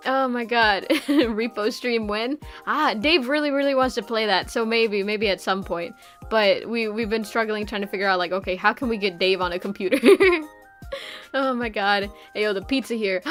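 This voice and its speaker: Young woman streamer, slightly high voice, giggly and rambling, casual chat. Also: moderate pace, a bit bright, soft background music. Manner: giggly, rambling, many fillers.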